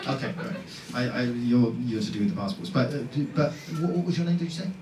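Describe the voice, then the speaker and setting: A male stand-up comedian doing crowd work, teasing audience members in a quick, playful way with frequent laughs and restarts. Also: medium pitch, expressive. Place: comedy club stage. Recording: roomy live club sound, distant mic, loud crowd noise.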